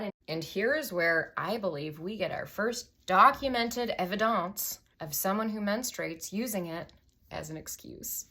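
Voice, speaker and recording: A young woman with a lowish voice tells Bible stories as a tipsy comedy bit. She is sarcastic and swears freely. Her talk is full of "like" and offhand valley-girl fillers. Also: measured pace, sharp tone. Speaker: comedy podcast host. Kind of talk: tipsy comic Bible retelling.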